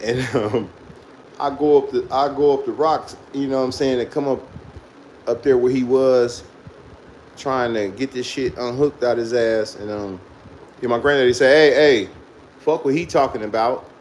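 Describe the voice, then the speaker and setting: A man with a medium-pitched, slightly mellow voice tells a profane story from his childhood at a normal speed, his intonation fairly even. He's loose and casual, laughing often as he goes. The recording is rough, with slight background noise.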